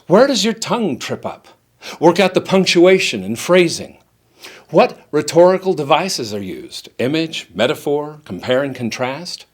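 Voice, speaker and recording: Lively, animated acting coach, a man. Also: a little high. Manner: lively, playful, emphatic delivery. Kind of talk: scripted acting tip read from a teleprompter.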